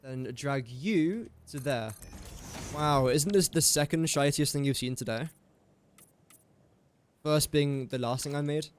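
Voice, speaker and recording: A young Englishman streams a building game, working through factory maths out loud and tossing jokey asides to his chat. His voice sits a little high and he takes it slowly, with long pauses and slight background noise. It's casual live-stream commentary from a gaming streamer from England.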